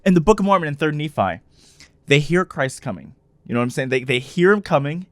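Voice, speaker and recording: A man's voice: a little high, expressive, fairly quick, fairly bright tone, no echo. A man co-hosting a casual podcast, talking animatedly with frequent laughter and emphatic, preachy jokes. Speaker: podcast co-host.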